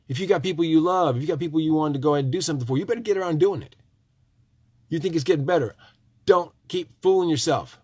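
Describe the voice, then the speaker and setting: Husky, nasal Michigan man, a tiny house builder preaching to camera in an emphatic monologue that drops into hushed asides. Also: no room sound. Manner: emphatic and preachy, swinging from loud outbursts to low, hushed asides. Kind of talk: ranting monologue to viewers.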